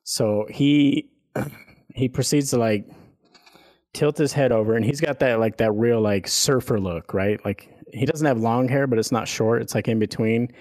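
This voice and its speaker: A man's voice: mid-range voice, measured pace, darkish tone. A man co-hosting a podcast, telling a rambling, profane story in casual chat and laughing as he goes. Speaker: podcast co-host.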